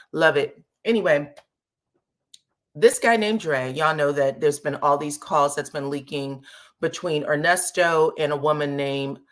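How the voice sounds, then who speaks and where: A woman hosting a casual livestream chat, greeting her viewers one by one and talking about celebrity gossip. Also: on the low side. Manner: chatty, greets viewers by name, says y'all. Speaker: YouTube commentary host.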